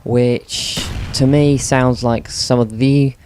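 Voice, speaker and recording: A man's voice: medium pitch, steady tone, slow pace, darkish tone, smooth, no room sound. A man giving casual, rambling commentary over video game play, with lots of ums and self-corrections. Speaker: gaming commentator.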